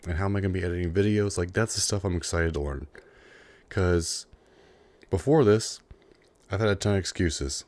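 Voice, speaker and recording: A man's voice: sits low, moderate pace, pauses often, darkish tone, no room sound. A young man in a casual, unscripted vlog, rambling earnestly with lots of fillers, a little out of breath. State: slightly out of breath, chewing a cough drop. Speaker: YouTuber.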